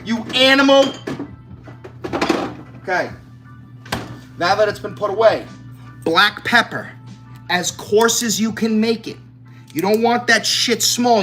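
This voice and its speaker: Cooking in his home kitchen, a man chats casually to the camera, swearing freely and joking in a brash, chatty manner. His voice sits high with a fairly bright tone, and music plays in the background. He is a home cook vlogger.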